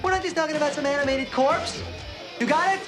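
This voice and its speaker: A high, pressing voice, from a woman in the role, rushes out an alarmed briefing. Loud music covers the film clip. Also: close to an everyday voice.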